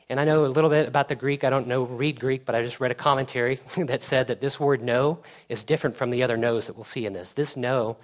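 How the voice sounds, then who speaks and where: A young male pastor gives a sermon in a mid-range voice. He talks casually, almost like chatting with friends, and livens up when he tells a story. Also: mid-range voice. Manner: conversational, animated when storytelling.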